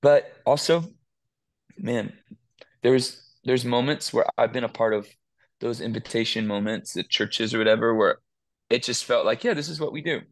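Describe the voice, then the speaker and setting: A man's voice: medium pitch, fairly even intonation, a little slow. A man, a worship musician, talking earnestly and emotionally in a casual interview, often restarting his sentences.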